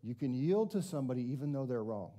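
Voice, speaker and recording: A man delivering a conversational sermon, his voice very dark and mellow. His pitch rises and falls a great deal as he talks. He keeps turning questions back on the congregation. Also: big pitch swings, quick pace. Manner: conversational, self-deprecating, asks the congregation questions. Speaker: pastor.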